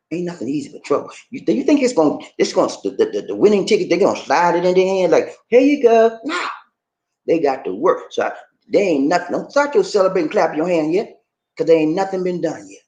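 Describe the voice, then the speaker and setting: Animated man giving emphatic commentary. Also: mid-range voice. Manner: rhetorical questions, preacher-like delivery. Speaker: political commentary host. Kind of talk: casual political commentary.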